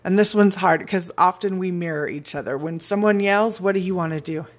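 A woman's voice: lowish voice, a little fast. A woman giving a frank, casual motivational talk. She swears freely and laughs often. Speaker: speaker on personal boundaries.

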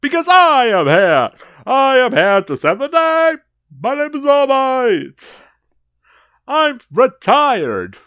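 A man voicing a loud, heroic male superhero who declaims every line. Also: extremely high pitch, sing-song, slow pace, no room sound, pitched above the performer's own voice, heavily acted. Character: booming heroic muscle-bound male superhero.

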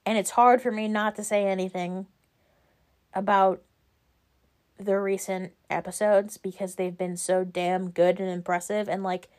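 A woman's voice: mid-range voice, steady tone, measured pace, darkish tone. A young woman hosts her own podcast solo, chatting off the cuff. She rambles and wanders between thoughts, leaning on "like" and "um" in almost every sentence. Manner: rambling, filler-heavy, frequent "like" and "um". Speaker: podcast host. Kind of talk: casual solo podcast chat.

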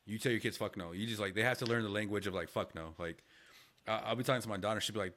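A man's voice: lowish voice, a bit bright. A man in casual chat, blunt and profane, rattling off parenting rants. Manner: blunt, profane, rapid-fire.

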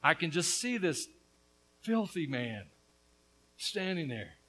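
A man preaching a sermon as a pastor, earnest with casual asides, his voice swinging between hushed and loud. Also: a little high, sing-song, takes it slowly, poor audio.

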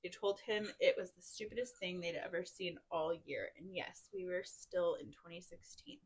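A woman's voice: fairly low pitch, expressive, normal speed, slightly rough. Woman host, slightly tipsy, casually reading party anecdotes aloud, giggling between them. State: tipsy, drinking wine. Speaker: podcast host. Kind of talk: reading drunken stories aloud to friends.

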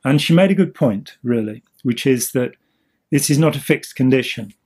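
A man's voice: mid-range voice, lively intonation, normal speed, a little mellow, husky. A man co-hosting a podcast, explaining in a rambling casual chat full of ums and restarts. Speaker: podcast co-host.

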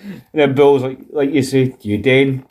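Sweary jokey man, mellow voice. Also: unhurried. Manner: sweary, jokey, bursts into high silly voices. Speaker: podcast co-host. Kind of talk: casual chat.

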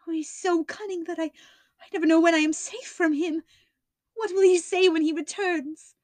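A woman's voice: very high voice, fairly even intonation, normal speed, a little mellow, no room sound, voice pushed up. A woman doing a frightened young lady.

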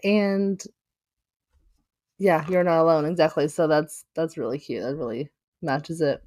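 A woman co-hosting a casual podcast, relaxed and agreeable, talking with plenty of fillers. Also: sits low, a little slow, no room sound. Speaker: podcast co-host, teacher.

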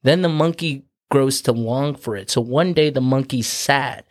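A man's voice: medium pitch, measured pace, no room sound, clean studio sound. A man casually retelling a folk tale on a podcast, swearing freely and acting out the characters' lines. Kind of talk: casual storytelling with crude humor.

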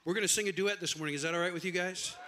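A man's voice: sits high, steady tone, racing, noisy background. A middle-aged man, a pastor, telling a chatty story to his congregation during a sermon in a church. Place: church sanctuary.

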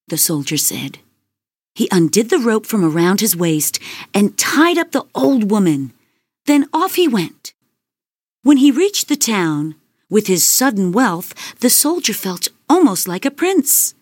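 Breathy, slow woman storyteller. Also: mid-range voice, very animated, no room sound, studio quality. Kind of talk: scripted fairy-tale narration.

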